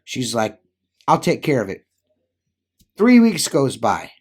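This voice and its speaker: A middle-aged man, a window cleaner, telling a story in a loose, casual way. He rambles, piles on fillers and slips into the voices of the people he quotes. His voice sits at an ordinary middle pitch. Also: sing-song, takes it slowly, darkish tone, slightly rough. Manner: rambling, filler-heavy, acts out quoted dialogue.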